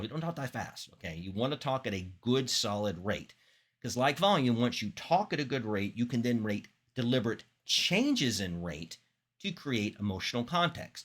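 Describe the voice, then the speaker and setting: A man teaching public speaking in an instructional talk, demonstrating vocal techniques with expressive examples. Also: mid-range voice, moderate pace, breathy edge. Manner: demonstrates voices, animated and expressive.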